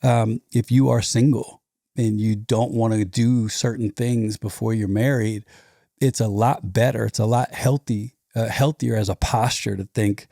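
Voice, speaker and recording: A man in his forties, a former pastor guesting on a podcast, talking casually and telling lively stories with mocking quoted voices and frequent restarts. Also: lowish voice, unhurried, creaky, no room sound, studio quality. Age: 40s. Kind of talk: casual conversation.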